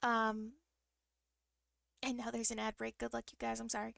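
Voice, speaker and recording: A young woman streaming live tells a personal story in a loose, rambling way, circling back with fillers and restarts. Her voice sits a little high and carries a heavy gravelly fry. The sound is close and dry, with no room around it. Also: completely flat delivery, moderate pace, pauses often, fairly bright tone, no room sound. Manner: emotional, vivid retelling. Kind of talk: casual storytelling.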